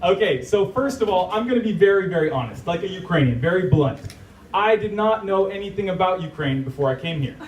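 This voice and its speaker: A man's voice: high voice, lively intonation, fairly quick. An American man speaking to a live audience, chatty and joking, laughing often. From United States. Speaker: guest speaker. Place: event hall. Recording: echoey room, distant mic, faint noise.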